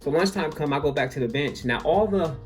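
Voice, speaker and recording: A young man telling a comic story from his school days, full of "like" and quick asides. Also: on the high side, soft background music. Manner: animated, filler-heavy, lots of "like". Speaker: vlogger.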